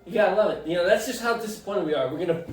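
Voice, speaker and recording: A man hosting a casual sports chat, joking loudly and swearing freely. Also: high voice, rapid-fire, roomy sound, far from the mic, faint music behind, rough recording. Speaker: podcast host.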